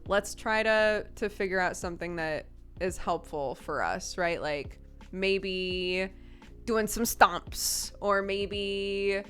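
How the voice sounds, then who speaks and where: A woman's voice: mid-range voice, slow, a bit bright, soft background music. A woman in her thirties, a streamer chatting casually and candidly, swearing freely and laughing often. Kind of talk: casual chat.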